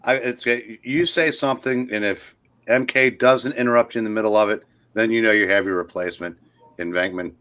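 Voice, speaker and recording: A man's voice: lowish voice, fairly even intonation, fairly quick, a bit bright. A man co-hosting a casual podcast, making wry, teasing remarks.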